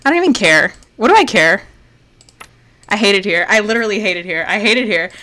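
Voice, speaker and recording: A woman streaming a video game live, talking casually and in exasperation, swinging from loud outbursts to low muttering and swearing freely. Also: lively intonation, fast talker.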